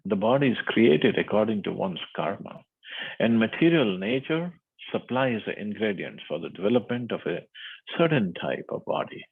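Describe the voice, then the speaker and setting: A man's voice: fairly low pitch, sing-song, moderate pace, creaky, husky. A man reading a scripture passage aloud, then explaining it in looser asides, with the narrow sound of a phone line. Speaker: scripture class speaker.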